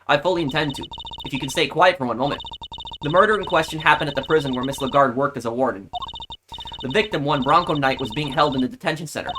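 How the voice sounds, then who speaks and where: A man voicing a proud young woman prosecutor with crisp, determined delivery, over game music. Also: a little high, fast talker, background noise, close to an everyday voice.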